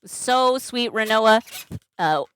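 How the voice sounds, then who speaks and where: Twisting balloons on a live stream, this woman keeps up loose, rambling chat full of fillers and false starts, welcoming and thanking viewers by name. Her voice sits on the high side, animated and slow, with a smooth, fairly bright tone.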